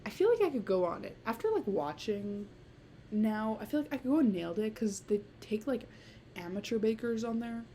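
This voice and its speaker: With a warm, slightly high voice full of big pitch swings, a late-teen podcast host talks fairly quickly in a casual solo chat. She rambles, says "like" constantly and giggles a lot, with a little hiss or hum in the background.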